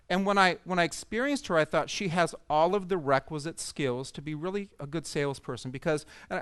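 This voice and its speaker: A man's voice: fairly high pitch, fairly bright tone, clear, resonant tone, no room sound. A man giving a conference talk, telling a personal story with humor and self-deprecating asides to an audience. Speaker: speaker at a coaching conference. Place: conference stage.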